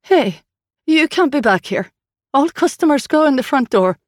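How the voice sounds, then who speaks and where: Woman reading a blunt, weary waitress; high, loud, bossy, dry close mic. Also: big pitch swings, fast, husky, dry recording. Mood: brusque. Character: tired, blunt female waitress.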